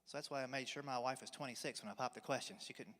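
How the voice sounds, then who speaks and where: A man's voice: mid-range voice, steady tone, racing, a bit bright. A man in his forties doing a folksy stand-up routine, telling family stories with a drawl in a church hall. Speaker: stand-up comedian. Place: church hall, live audience. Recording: reverberant hall.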